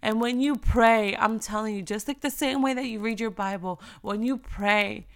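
A young woman giving a heartfelt, emotional faith talk, speaking earnestly and moving between near-whispers and loud emphasis. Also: on the high side, normal speed, gravelly, clear, resonant tone.

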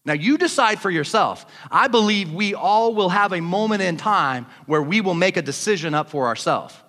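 A male pastor preaching a sermon in a church, fervent and building to shouts. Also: high-pitched, lively intonation, moderate pace, big-room sound.

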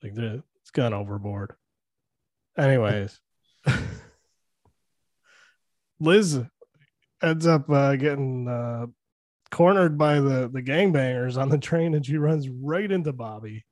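A man's voice: medium pitch, slow pace, pauses often, darkish tone, no echo. A man co-hosting a podcast, breaking down a movie in loose, profane chat and laughing often. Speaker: podcast co-host.

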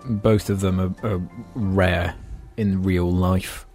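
A man's voice: low-pitched, level tone, slow, a little mellow, faint music behind. A man, chatting casually on a podcast with many fillers and jokes, reading out viewer questions. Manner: hesitant, joking, many fillers. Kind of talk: casual chat.

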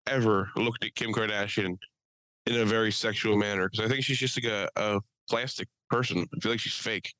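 A man's voice: on the low side, fairly even intonation, bright, forceful tone, dry recording, poor audio. A man co-hosting a podcast, telling crude jokes and rambling stories in casual chat. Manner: joking, profane storytelling with quick asides. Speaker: podcast co-host.

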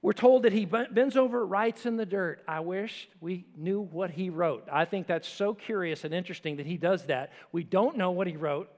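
A man preaching a sermon with emphasis, swinging between forceful lines and hushed ones. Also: high-pitched, moderate pace, few pauses, long reverb tail. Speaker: pastor.

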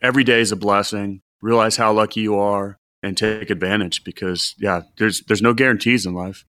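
A man's voice: on the low side, fairly even intonation, a little fast, pushed and bright. A man in his forties, a financial advisor hosting a podcast, talking earnestly and reflectively with frequent restarts. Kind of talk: casual podcast chat.

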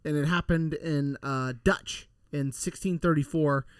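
Man, high-pitched, dry close sound, teasing, casual swearing. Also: fairly even intonation, a little slow, smooth, no room sound. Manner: teasing, tells history trivia, swears casually. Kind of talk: casual chat.

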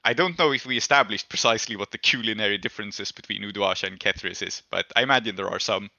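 A man's voice: on the low side, quick pace, vocal fry, pushed and bright, dry recording. A man narrating a tabletop game as game master, in a casual, hesitant way with many fillers. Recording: dull, lo-fi and dry.

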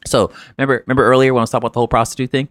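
A man's voice: medium pitch, flat delivery, very fast, fairly bright tone, no echo, studio quality. A man co-hosting a casual gaming news podcast, reading headlines and then joking about them in a laid-back way. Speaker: podcast co-host.

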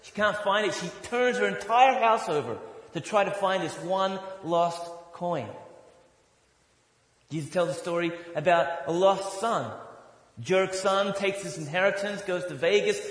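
A middle-aged American man preaches a sermon from the pulpit, mixing quiet reflection with humor and loud mock outrage. His voice sits fairly high. The sound carries a long, roomy reverb from the church hall around him. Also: a little slow. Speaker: pastor. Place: church sanctuary.

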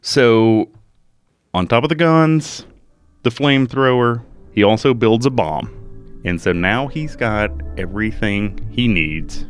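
A man's voice: mid-range voice, takes it slowly, smooth, faint music behind. A man co-hosting a podcast, telling a true-crime story in casual chat and sometimes swearing. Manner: animated, swearing, laughs at himself. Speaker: podcast co-host.

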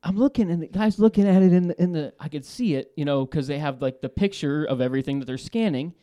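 A man calling in to a talk show, telling a story in a lively, laughing way, swearing and restarting his sentences. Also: fairly high pitch, fast. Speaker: caller. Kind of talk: casual storytelling.

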